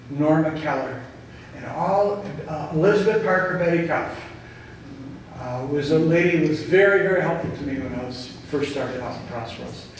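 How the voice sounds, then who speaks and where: An earnest man gives an inspirational talk to a group, telling stories slowly and with emphasis. His voice sits a little high. It echoes heavily around a hall, picked up from a distant mic over faint background noise. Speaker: speaker at a group gathering.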